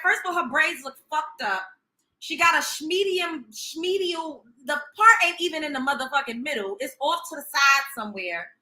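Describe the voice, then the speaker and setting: Woman host going off on a livestream, super bright high voice, cussing, roomy echo. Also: expressive, moderate pace. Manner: profane, sarcastic, emphatic. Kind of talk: heated reaction rant.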